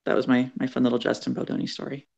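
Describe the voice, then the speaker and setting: Middle-aged woman author guest, fry in the voice, acts out her stories; muffled call sound. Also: extremely low pitch, little pitch movement, racing, a little mellow. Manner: acts out quoted voices, chatty. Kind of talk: animated storytelling in an interview.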